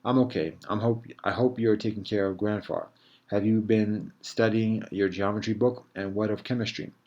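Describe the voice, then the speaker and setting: A man's voice: on the low side, fairly even intonation, normal speed, a little mellow, highs cut off, natural voice. A man voicing a firm, anxious mother. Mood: insistent. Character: anxious, insistent middle-aged mother on the phone.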